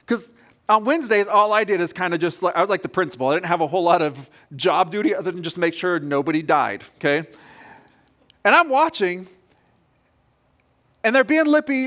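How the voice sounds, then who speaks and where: Man, pastor, high-pitched, lively sermon storytelling. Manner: storytelling, animated, addresses congregation directly.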